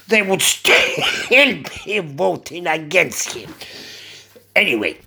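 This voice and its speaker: Old guy from cyprus rambling and chuckling, gravelly husky voice, pitch jumps around a lot. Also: pushed and bright. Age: older. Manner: chuckles often, chatty, rambling. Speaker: barber. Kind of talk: casual monologue.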